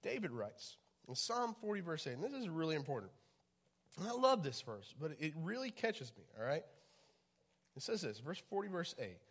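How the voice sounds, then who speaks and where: A man preaching a casual, conversational sermon as a pastor, chatty with many fillers and restarts and swings in loudness. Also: fairly high pitch, sing-song, moderate pace, breathy edge.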